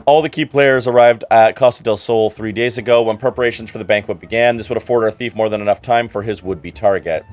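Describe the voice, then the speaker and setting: A man's voice: on the low side, fairly even intonation, fast talker, few pauses, soft background music, close to an everyday voice. A man reading aloud as a haughty, condescending male investigator from a game, in a formal, cool and superior manner.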